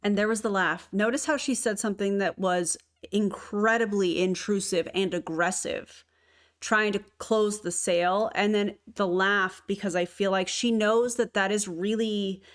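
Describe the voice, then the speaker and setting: A woman's voice: mid-range voice, steady tone, unhurried. A woman, hosting a reaction commentary and talking in an incredulous, critical, sarcastic way. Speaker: commentary host.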